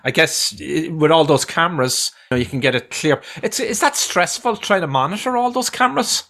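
A man's voice: fairly high pitch, expressive, a little fast, vocal fry, pushed and bright. Man, podcast host, casual interview, reactive. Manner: reactive, lots of "oh" and "yeah".

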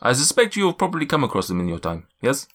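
Man playing a gentle male cloud giant, put-on German accent, slow solemn speech, lively pitch, bright tone. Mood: explaining. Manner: slow, drawn-out, solemn pronouncements. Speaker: game master.

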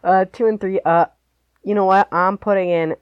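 A man's voice: sits high, fairly even intonation, moderate pace, smooth, no echo, lo-fi sound. A man co-hosting a podcast, chatting casually about sports and hedging his picks with lots of "like"s. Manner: rambling, hedging, many "like"s. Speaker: podcast co-host.

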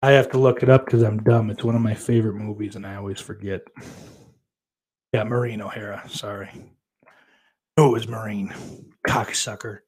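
A man's voice: fairly low pitch, slightly rough. A man hosting a livestream, reading chat comments aloud and rambling in a profane, self-deprecating way.

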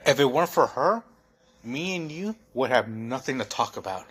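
A man's voice: medium pitch, lively intonation, moderate pace, a bit bright, husky. A young man hosting a solo podcast, venting in a heated, profane, rambling way full of fillers. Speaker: podcast host.

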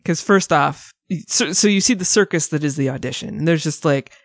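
Guy on a movie podcast, kinda high voice, dry close mic, gets worked up retelling scenes. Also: fairly quick, no room sound. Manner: excitable, swears freely, retells scenes with quoted voices. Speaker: podcast co-host. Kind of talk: casual movie-review chat.

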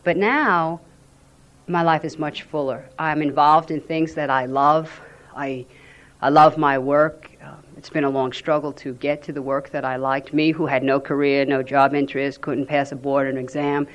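A woman sharing her personal recovery story at a meeting, telling it in an animated way and acting out what people said. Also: low voice, moderate pace, muffled recording.

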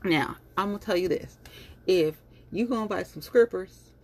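A woman's voice: on the low side, moderate pace, darkish tone. A woman ranting bluntly and heatedly in casual commentary, cursing freely and repeating herself with lots of fillers. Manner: fillers and repetitions. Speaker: vlogger.

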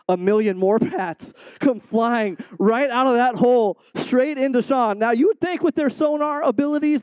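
A missionary speaking to a supporting church preaches a sermon with a personal story, his voice high and earnest. He is an animated storyteller who acts out quotes, on a dry recording.

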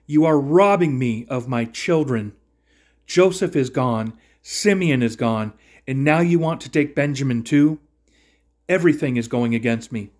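A man's voice: medium pitch, a little slow, darkish tone, lightly acted. Man reading aged father, grieving, fearful for his youngest son. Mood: lamenting. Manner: lamenting, pleading.

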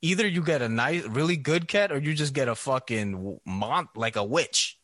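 A man co-hosting a casual podcast, relaxed, swearing, restarting his words. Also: mid-range voice, moderate pace, no room sound, studio quality. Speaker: podcast co-host. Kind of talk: casual chat.

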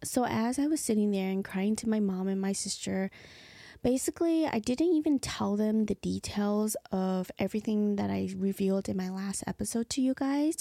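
A young woman hosting her own show, telling a personal story in an emotional, halting, earnest way that often drops into soft whispers. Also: mid-range voice, vocal fry, dry recording, clean studio sound. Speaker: podcast host.

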